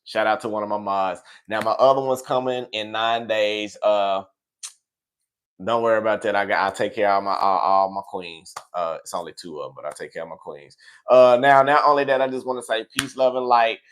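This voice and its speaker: A man reading tarot on a livestream, repeating affirmations and giving relaxed, chatty shout-outs, laughing easily. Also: on the low side, brisk, clean tone. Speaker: tarot reader. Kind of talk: casual livestream sign-off with affirmations.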